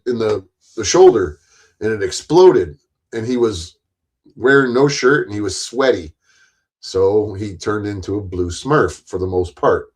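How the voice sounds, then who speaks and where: A man in the middle of a long, rambling story, swearing freely and doubling back over his own words. His voice sits at an ordinary middle pitch. When he quotes what people said, it jumps up higher and louder for a moment. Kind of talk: casual profane storytelling.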